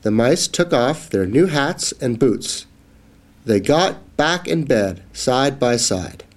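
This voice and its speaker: Guy reading a kids phonics book super slowly, very lively sing-song voice. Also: mid-range voice. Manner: slow, clearly enunciated, expressive. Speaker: reader.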